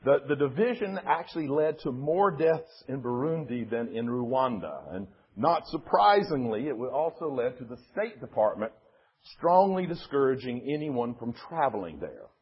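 A man's voice: medium pitch, very animated, moderate pace, husky, muffled recording. A man giving a sermon as a pastor, telling a story in an earnest, emphatic way.

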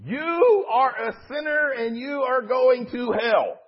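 A fiery male preacher thunders threats of hellfire in a raised, insistent voice, as a man imitates him. The voice is husky and swings widely in pitch, declaiming every phrase. The recording is dull and lo-fi. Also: animated, takes it slowly, exaggerated voice. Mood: threatening.

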